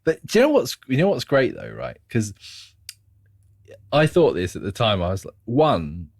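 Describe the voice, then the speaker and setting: A man's voice: medium pitch, huge pitch swings, normal speed, gravelly, no room sound, studio quality. A man co-hosting a film podcast in casual chat, laughing along as he recalls favorite scenes. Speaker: podcast co-host.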